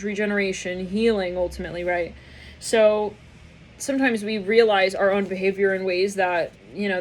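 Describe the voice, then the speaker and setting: A woman's voice: mid-range voice, a little hiss or hum, rough recording. A woman doing a casual, rambling tarot reading with lots of filler words, often acting out the people she imagines. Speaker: tarot reader.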